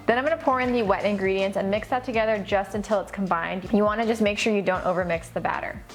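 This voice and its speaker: A woman's voice: medium pitch, steady tone, quick pace, faint music behind. A woman hosting a cooking vlog, chatting upbeat and casual as she walks through a recipe in a home kitchen. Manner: upbeat, chatty, says "super" and "so good" a lot.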